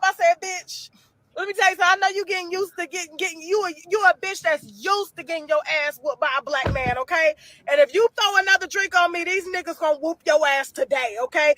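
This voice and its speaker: A woman telling a story in a loud, profane, laughing way, acting out what others said. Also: very high voice, no room sound. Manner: loud, profane, laughing often, acts out quotes. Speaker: reunion show host recounting a fight. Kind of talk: casual storytelling.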